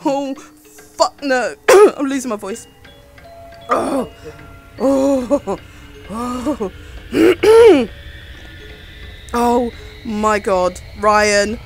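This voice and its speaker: A woman's voice: on the high side, lively intonation, drawn-out words, long pauses, faint music behind. A frightened woman streamer giving a panicky, pleading running commentary as she plays, swearing as she goes. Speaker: gaming streamer. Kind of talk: reactive gameplay commentary.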